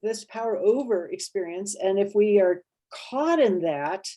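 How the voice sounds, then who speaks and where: Animated woman teaching a workshop. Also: medium pitch, a little slow. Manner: animated, acts out inner voices and checks in with "right?".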